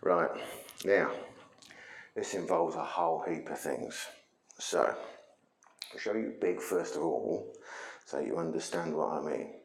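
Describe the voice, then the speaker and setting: A man's voice: extremely low pitch, measured pace, long pauses, reverberant, low-quality recording. A man teaching a martial arts lesson, explaining things conversationally while he demonstrates moves.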